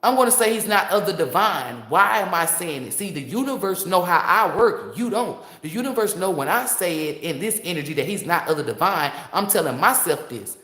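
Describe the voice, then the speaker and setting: A woman's voice: on the low side, expressive, a little fast, few pauses, a bit bright. A woman, a tarot reader, speaking to her viewers in a blunt, profane, preachy monologue. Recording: echoey room.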